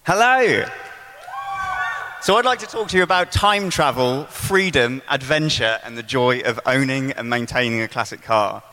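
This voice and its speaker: A man's voice: mid-range voice, normal speed, few pauses, pushed and bright. A man giving an earnest, enthusiastic prepared talk on stage. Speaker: lightning talk speaker. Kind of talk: prepared presentation. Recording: reverberant hall over a PA.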